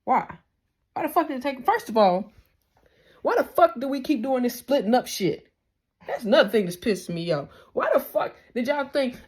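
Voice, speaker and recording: A woman's voice: lively intonation, normal speed. Heated, swearing woman ranting a TV recap. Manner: heated, profane, wide swings in pitch and loudness; rhetorical questions to the audience. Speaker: TV recap host. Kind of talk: casual recap rant.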